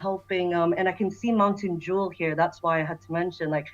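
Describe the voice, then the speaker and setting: A chatty woman talks eagerly in a casual online voice meeting, her speech peppered with fillers. Her voice sits on the low side, and the audio is dull and lo-fi, like a compressed call. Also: steady tone, a little fast. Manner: chatty, enthusiastic, many fillers. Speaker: community member introducing herself. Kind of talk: casual voice chat.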